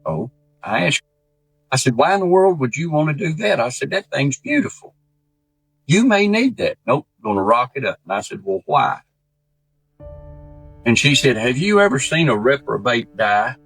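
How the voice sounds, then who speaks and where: A man's voice: mid-range voice, moderate pace, gravelly, breathy edge, dry recording, faint music behind. Folksy man telling a story. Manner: folksy, animated, acts out quoted voices. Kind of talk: casual spoken storytelling.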